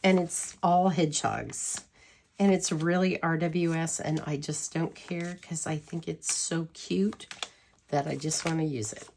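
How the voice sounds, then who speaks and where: Low-pitched woman gushing at home, rambling and giggling, faint hiss behind. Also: unhurried, creaky, darkish tone. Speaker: tarot deck reviewer. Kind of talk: casual chat to camera.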